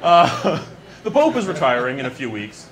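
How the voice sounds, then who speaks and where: This stand-up comedian talks into a handheld mic in a small venue with a mid-range voice. His delivery is dry and deadpan, punctuated by quick asides.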